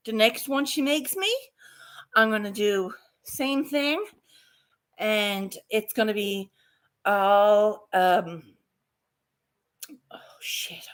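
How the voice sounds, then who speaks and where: A woman vlogging casually outdoors in her garden, rambling excitedly and swearing freely. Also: a little high. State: a little out of breath.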